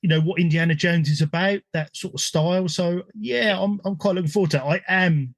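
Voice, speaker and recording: A man's voice: high voice, brisk, no echo. Chatty English man, dry close sound. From England. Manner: chatty, with many ums and restarts. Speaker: podcast host. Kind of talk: casual gaming chat.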